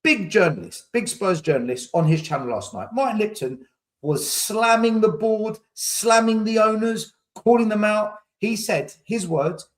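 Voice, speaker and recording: A man's voice: sits high, lively intonation, moderate pace. A man, hosting a podcast, arguing heatedly in casual debate and repeating words when he gets pressed. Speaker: podcast host.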